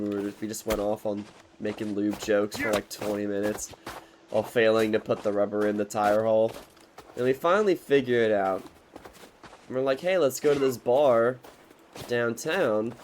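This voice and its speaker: A man's voice: mid-range voice, slight background noise, low-quality recording. A man in his twenties telling a rambling, profane storytime in a casual, joking way. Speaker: vlogger.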